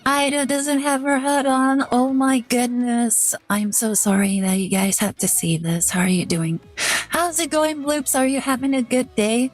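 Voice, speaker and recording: A woman's voice: sits high, measured pace, soft background music. A young woman streaming live, chatting casually and rambling, with lots of "like" in her talk. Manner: rambling, chatty, heavy use of "like". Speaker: VTuber streamer.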